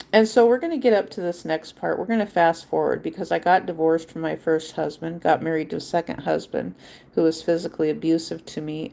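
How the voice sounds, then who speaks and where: A woman's voice: low voice, vocal fry, warm tone. A woman hosting a livestream, telling a personal story in a rambling, emphatic way and repeating her points. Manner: acts out quoted voices. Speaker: livestream host. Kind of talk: casual personal monologue.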